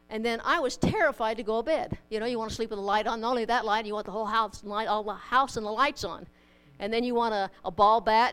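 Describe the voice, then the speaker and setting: A woman preaching to her congregation in a clear, resonant voice pitched a little high. She moves between scripture and everyday stories in a plain, chatty way with touches of humor. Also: fairly bright tone, poor audio. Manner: conversational, with homely anecdotes and humor. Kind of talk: sermon. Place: church in front of a congregation.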